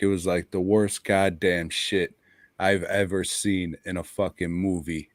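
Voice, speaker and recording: A man's voice: deep voice, flat delivery, measured pace, no room sound, studio quality. A man co-hosting a casual podcast chat, blunt and profane, laughing often. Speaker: podcast co-host.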